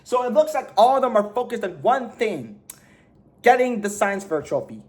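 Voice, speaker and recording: A man's voice: sits high, very animated, normal speed. A man casually recapping a movie, rambling and slangy with lots of fillers. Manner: rambling, filler-heavy storytelling; slangy, offhand. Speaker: movie reviewer.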